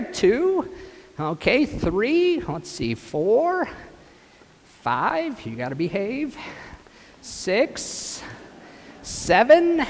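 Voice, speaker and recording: Brief: priest leading a children's gospel skit, high and very animated, long church echo. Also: male voice. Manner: animated storytelling, directing children. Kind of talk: children's sermon with acted gospel.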